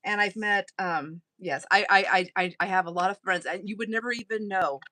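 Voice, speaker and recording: A woman's voice: medium pitch, a little fast, pushed and bright, a little hiss or hum. A woman hosting a craft live stream, chatting casually and rambling with frequent laughter. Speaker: craft channel host.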